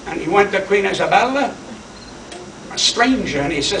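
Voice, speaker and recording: A man's voice: high-pitched, expressive, normal speed, long pauses, a bit bright, recorded from a distance, a little hiss or hum. A man, giving a brash, punchy stand-up acceptance speech full of wisecracks, in a banquet hall. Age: 80s. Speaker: award honoree and comedian. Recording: echoey hall, voice from off mic.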